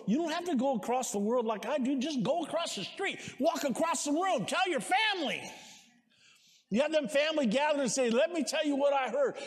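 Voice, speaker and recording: A man with a very high voice preaches to his congregation, urging them on and calling out for amens. He rises to shouts at the high points. His voice rings with the long reverb of a large church sanctuary. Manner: exhorting, calls for amens, shouts at peaks. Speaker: pastor. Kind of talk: sermon.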